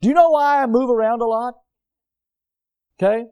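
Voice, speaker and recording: A pastor preaching with lots of movement and homespun stories. His voice sits high for a man but sounds soft and mellow. He delivers his sermon from a church pulpit. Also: normal speed, clear, resonant tone. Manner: animated, moves around the pulpit, folksy storytelling. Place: church sanctuary.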